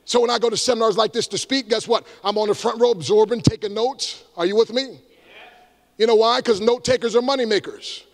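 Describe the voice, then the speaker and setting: Evangelist, high gravelly voice, shouts call-and-response lines at the crowd. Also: male voice, fairly quick. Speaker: evangelist and motivational speaker. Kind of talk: energetic stage motivational talk. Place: large room before a live audience.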